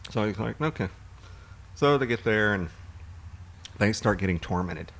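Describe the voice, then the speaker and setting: A man's voice: lowish voice, normal speed, vocal fry, fairly bright tone. A man co-hosting a casual talk show, rambling through movie recaps with plenty of fillers. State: hiccuping. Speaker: podcast co-host. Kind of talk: casual chat.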